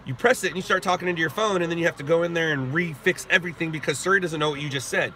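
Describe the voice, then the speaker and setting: A man from Southern California, streaming live and chatting with viewers, talking slowly and carefully. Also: fairly high pitch, bright, forceful tone, slight background noise. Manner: slow, deliberate talk, reads and answers viewer chat. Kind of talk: casual live stream chat.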